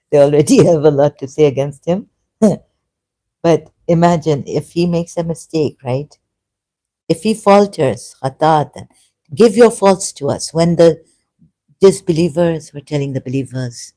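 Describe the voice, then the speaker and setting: A religious commentator in an unscripted personal monologue, talking in a meandering, halting way with many self-corrections, earnest and at times emphatic. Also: medium pitch, dark tone. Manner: earnest, grows emotional and emphatic.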